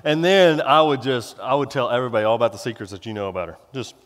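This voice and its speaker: A man's voice: mid-range voice, fast, in a large hall, pitched below the performer's own voice, close to an everyday voice. A man voicing a sly, sneaky tempter spirit that talks in a chummy, gossipy, wheedling way.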